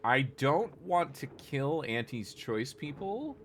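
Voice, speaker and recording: A man's voice: medium pitch, sing-song, takes it slowly, fairly bright tone, a little hiss or hum. A man casually thinking aloud while he plays a game from his home desk, swearing when he gets annoyed. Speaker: streamer. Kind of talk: casual gameplay commentary.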